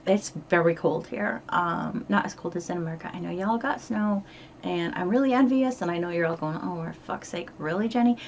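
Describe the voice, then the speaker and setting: A woman's voice: lowish voice, fairly quick, a little hiss or hum. A middle-aged woman from upstate New York chatting casually in a diary vlog, rambling and swearing freely. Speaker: vlogger.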